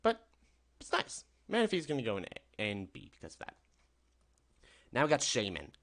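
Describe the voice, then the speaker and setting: A man's voice: mid-range voice, huge pitch swings, normal speed, vocal fry, fairly bright tone. A young man giving casual, rambling commentary as a gaming video host, upbeat and often correcting himself. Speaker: gaming YouTuber. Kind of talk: casual tier-list commentary.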